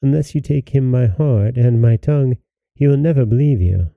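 A man voicing a kind young princess in a storybook reading, speaking softly and pleadingly. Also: medium pitch, expressive, normal speed, creaky, dry recording.

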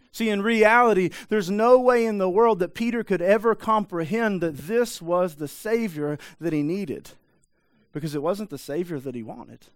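A man's voice: sits high, moderate pace, no echo, studio quality. A man preaching a sermon in a conversational way, often adding asides and checking in with the listeners. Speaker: pastor.

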